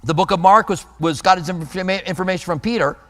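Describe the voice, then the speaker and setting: A man with a high voice preaching a sermon, earnest and emphatic, slowing down to press key words. His voice rings with a long hall reverb. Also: fairly bright tone. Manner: earnest preaching with emphatic slow stresses and scripture readings. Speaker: pastor.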